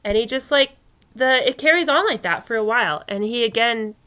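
A woman's voice: fairly high pitch, a little fast, slight background noise. A woman co-hosting a casual true-crime chat, retelling events with swearing and acted-out quotes. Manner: animated retelling, swearing, acting out quoted calls. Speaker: podcast co-host.

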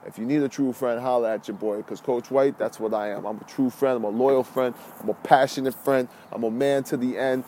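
A man who is a health and fitness coach, giving a blunt, slangy motivational podcast talk. He repeats key phrases and swings between loud bursts and calm, low talk. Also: a little hiss or hum.

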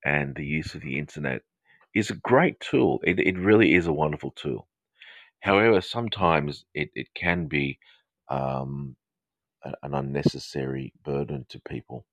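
Deep gravelly baritone man, Australian-English accent. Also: lively intonation, normal speed, no room sound. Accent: mixed Australian and southern English. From north of England. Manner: rambling, friendly, many ums and restarts. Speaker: counsellor and podcast host. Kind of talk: live podcast talk to listeners.

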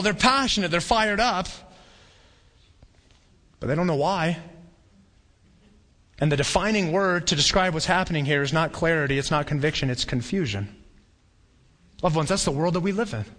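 A male pastor delivers a sermon in a bright, forceful voice pitched slightly high for a man. His manner is conversational and animated, and at times he acts out the voices of a crowd. A long church-hall reverb trails his words.

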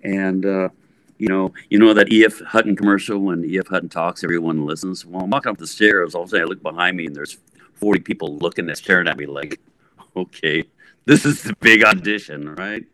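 Animated, bright-voiced older man telling a story. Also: low-pitched, fast talker, dry recording. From San Francisco Bay Area, USA. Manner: animated, acts out voices, lots of fillers. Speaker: guest, rock guitarist. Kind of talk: casual storytelling interview.

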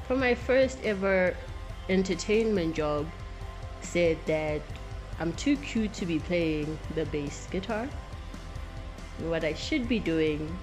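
This impassioned spoken-word monologue comes from a South African woman, fiery and profane. She alternates between raised outbursts and quiet, bitter confession.

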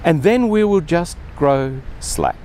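A man's voice: on the high side, animated, slow, warm tone, a little hiss or hum. A man preaching a sermon in an earnest way, often acting out quoted speech with more emphasis.

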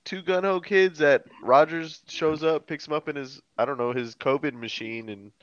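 A man's voice: a little high, fairly even intonation, moderate pace, a bit bright, clear, resonant tone, no room sound, dull audio. A man co-hosting a sports podcast, joking and giving loose opinions. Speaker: podcast co-host. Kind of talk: casual sports podcast chat.

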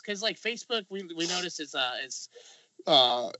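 A man co-hosting a podcast, chatting casually with halting restarts, peppering his talk with "man" and "dude". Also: fairly high pitch, sing-song, pushed and bright, no echo. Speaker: podcast co-host. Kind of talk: casual chat. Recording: dry, dull lo-fi podcast audio.

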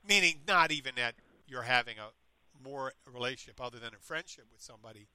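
Rambling male co-host, bright tense voice, dry close sound, casual chat. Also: mid-range voice, fast talker, clear, resonant tone, no echo. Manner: meandering, self-interrupting, animated retelling.

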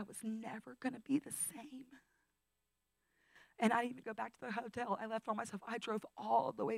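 A woman in her thirties giving a personal testimony as a guest speaker, intimate and emotional, dropping to whispers and rising to loud outbursts. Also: fairly high pitch, little pitch movement, brisk, creaky, no echo, low-quality recording. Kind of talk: testimony talk. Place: training school session.

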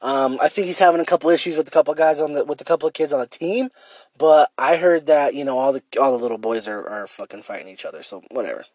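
A man's voice: medium pitch, fast, a little mellow, no echo. Rambling, swearing man podcaster. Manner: rambling, swears a lot, self-deprecating, stammers and repeats himself. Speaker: podcast host. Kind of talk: casual solo podcast rant.

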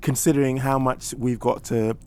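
A man's voice: medium pitch, level tone, normal speed, darkish tone, slight background noise. A man co-hosting a combat-sports podcast, chatting in a jovial, teasing way. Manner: jovial, quizzing his co-host. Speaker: podcast co-host. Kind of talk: casual podcast chat.

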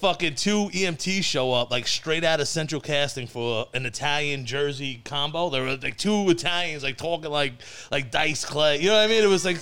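A man telling a story in casual chat, animated and laughing often. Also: a little high, normal speed, few pauses, a little hiss or hum.

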